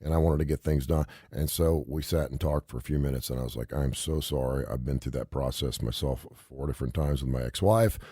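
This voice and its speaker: A man's voice: very deep voice, fairly quick, few pauses, dark tone, slightly rough, no room sound, clean studio sound. A middle-aged man hosting a radio talk show, telling a story in an emphatic, rambling, repetitive way.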